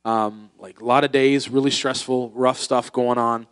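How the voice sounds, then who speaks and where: A man's voice: medium pitch, fairly even intonation, moderate pace, a bit bright, smooth. A man preaching a sermon as a pastor to his church, talking in a conversational way with fillers and restarts. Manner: conversational, with filler words and acted-out voices.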